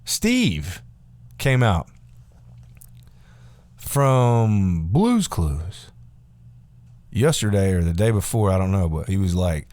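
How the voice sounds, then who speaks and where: A man's voice: low voice, very animated, takes it slowly, long pauses, darkish tone, no echo. A man in his forties ranting casually to camera, rambling, sarcastic and profane. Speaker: vlogger.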